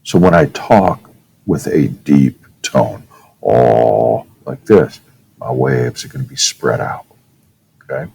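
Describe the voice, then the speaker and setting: Slow, low-voiced male teacher. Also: lively intonation, gravelly, a little mellow, breathy edge, low-quality recording. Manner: casual, checks in with "okay?", demonstrates with his own voice. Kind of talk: classroom physics lecture.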